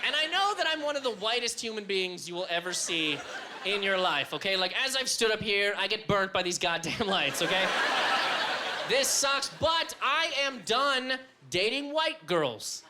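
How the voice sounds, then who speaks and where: A man doing a stand-up set on a comedy club stage, loud and high-energy, often breaking into shouts. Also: lively intonation, normal speed, background noise.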